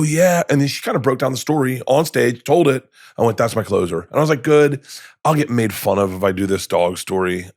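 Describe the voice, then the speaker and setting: A man in his fifties spins a long story as a podcast guest. He rambles with plenty of restarts and acts out what others said. His voice sits at an ordinary pitch, recorded close and dry. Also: creaky, dry recording. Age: 50s. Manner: rambling, animated, acts out quoted dialogue, many restarts. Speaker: comedian guest. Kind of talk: candid storytelling in conversation. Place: podcast studio.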